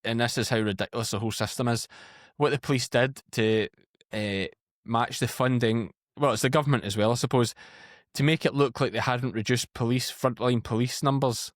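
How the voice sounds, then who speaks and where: Scottish man, thirties, podcast guest, blunt storytelling, dry close sound, mid pitch. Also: steady tone, a little fast, hardly any pauses, dry recording. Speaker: podcast guest, farmer and former police officer. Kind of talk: casual chat.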